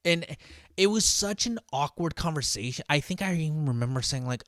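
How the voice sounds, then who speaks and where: Profane, heated line cook, dry sound. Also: male voice, a little high, lively intonation, a little fast, a bit bright, no echo. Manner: profane and heated, heavy on "like" and "dude"; rambling with frequent restarts. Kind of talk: casual storytelling monologue.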